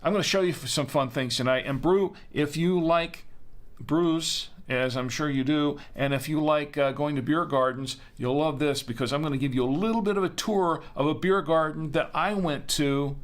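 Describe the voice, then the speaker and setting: A man's voice: a little high, fairly bright tone. A man hosting a casual live-stream wine show, chatty and self-deprecating, rambling with lots of fillers.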